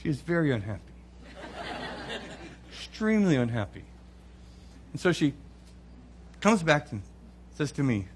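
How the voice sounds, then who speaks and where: A middle-aged man telling a funny family story in an animated, chuckling way. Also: fairly high pitch, unhurried, pauses often, slight background noise. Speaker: speaker. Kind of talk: humorous storytelling talk.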